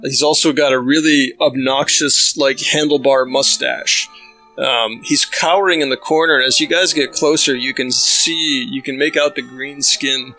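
A man's voice: medium pitch, creaky, sharp tone, low-quality recording. A man narrating a tabletop game as game master, describing scenes loosely with many fillers.

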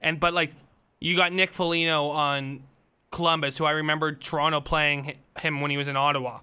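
A man co-hosting a sports podcast who leads the topics, quick and joking in casual chat. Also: a little high, level tone, pushed and bright, clear, resonant tone. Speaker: podcast co-host.

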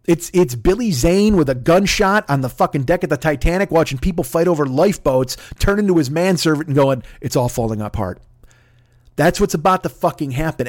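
A man from the United States, middle-aged, pitched well above most men. He rants in a heated, sarcastic monologue thick with profanity. The sound is dry, with no room in it. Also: expressive, fairly quick, dry recording. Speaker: podcast host. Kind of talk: ranting monologue.

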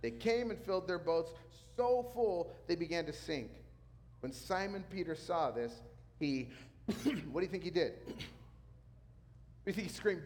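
A man preaching a sermon as pastor, animated and acting out the people in the story. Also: a little high, moderate pace, long pauses, big-room sound. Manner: animated preaching, acts out quotes.

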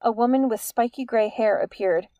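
A woman reading an audiobook in an even, measured storytelling manner. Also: a little high, no echo, lo-fi sound. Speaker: audiobook narrator. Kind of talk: scripted narration.

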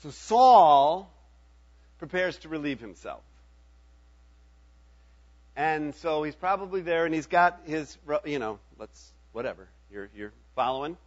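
A man's voice: fairly high pitch, expressive, normal speed, a bit bright, dull audio. A middle-aged man preaching a sermon in a conversational way, often checking in with his listeners. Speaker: pastor.

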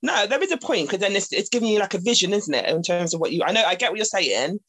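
A woman co-hosting a podcast in easygoing chat, laughing often and slowing down to make a point. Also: medium pitch, expressive, a bit bright. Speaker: podcast co-host. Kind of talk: casual chat.

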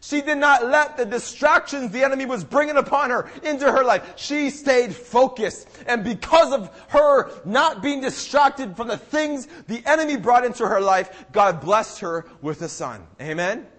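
A young man with a strikingly high voice preaches to his congregation. He acts out the people in his story, swings between hushed asides and loud shouted pleas, and keeps calling for agreement. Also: expressive, normal speed, hardly any pauses. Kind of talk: sermon.

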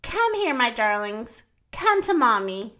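A woman's voice: on the high side, very animated, measured pace, sharp tone, heavily acted. A woman voicing a frantic, doting mother hen in a storybook reading, cooing and fretting over her chicks.

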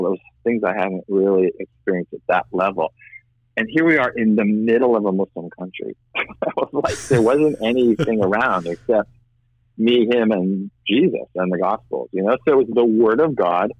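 A man with a low voice tells his own story as an interview guest. He speaks earnestly, often restarting and repeating words. The audio is dry and a little dull. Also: no echo. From United States. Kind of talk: personal testimony in conversation.

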